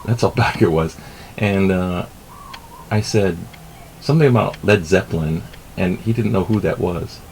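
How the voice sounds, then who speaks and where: A man's voice: deep voice, normal speed, long pauses, a little mellow, slight background noise, low-quality recording. A middle-aged man giving rambling, casual news commentary, self-amused and swearing offhandedly. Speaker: vlogger reading the news.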